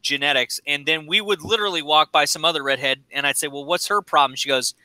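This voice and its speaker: A man's voice: fairly high pitch, fast talker, sharp tone, no room sound, low-quality recording. A man co-hosting a live stream, talking in brash, profane, heckling banter. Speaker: stream co-host. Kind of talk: crude casual banter.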